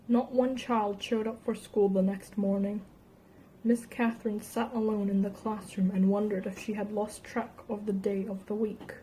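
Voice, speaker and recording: A woman reading a novel aloud in an even voice, with light voices for the characters. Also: medium pitch, a little hiss or hum, rough recording. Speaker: audiobook reader.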